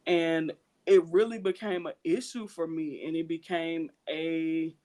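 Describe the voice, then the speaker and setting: A woman's voice: low-pitched, fairly even intonation, measured pace, mellow. Woman co-host of a chat podcast; earnest, emphatic, hammers her points home by repeating them. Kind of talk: candid casual podcast chat.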